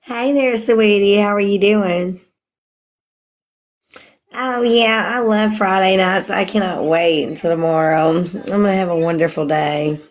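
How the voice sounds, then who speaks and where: A woman's voice: medium pitch, measured pace, low-quality recording. Chatty woman on a live stream. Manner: rambling, chatty, laughs often. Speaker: livestreamer. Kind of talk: casual live-stream chat answering viewers.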